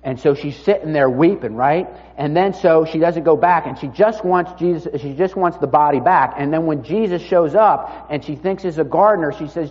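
A man preaching a sermon in a conversational, storytelling way, often dropping his voice low and quiet. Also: normal speed, hardly any pauses. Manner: conversational storytelling, drops to near-murmur. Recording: dull sound with long reverb in a hall.

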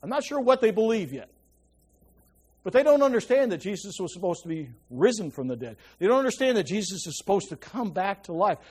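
A male preacher delivers an informal sermon. His pitch rises and falls in lively swings, and he keeps turning to his listeners to check they are following. When he reaches a key point, he sinks to a hushed voice. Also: a little fast, breathy edge. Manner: chatty, checks in with listeners often. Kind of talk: conversational Bible teaching.

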